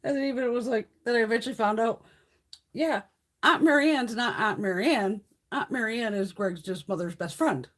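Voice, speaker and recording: A middle-aged woman hosting a casual beauty livestream, telling stories in a profane, animated way. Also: on the high side, moderate pace.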